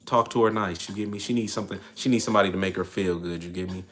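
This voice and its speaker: A man's voice: sits low, racing, a little hiss or hum. Blunt streetwise man on a livestream. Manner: blunt, streetwise, animated preaching to chat. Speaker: livestream host. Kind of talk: casual livestream advice talk.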